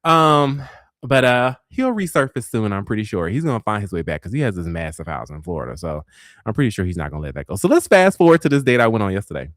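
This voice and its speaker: A man's voice: on the low side, quick pace, no echo, clean studio sound. A man in his forties hosting a talk show, telling dating stories in a casual, sassy way and acting out the dialogue. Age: 40s. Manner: animated, acts out dialogue with sass. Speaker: host. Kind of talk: casual storytelling.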